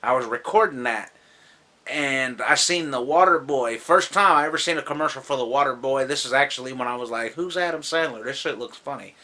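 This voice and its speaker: A man's voice: medium pitch, a little fast, bright, forceful tone. Tipsy, profane man ranting about movies. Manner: loose, rambling and profane, laughing often. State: drunk. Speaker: movie vlogger. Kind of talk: casual movie countdown.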